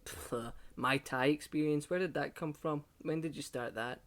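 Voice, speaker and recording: Man hosting, bright and quick. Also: on the high side. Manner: swears freely, laughs often, quick asides. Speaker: podcast host. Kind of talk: casual podcast chat. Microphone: video call setup.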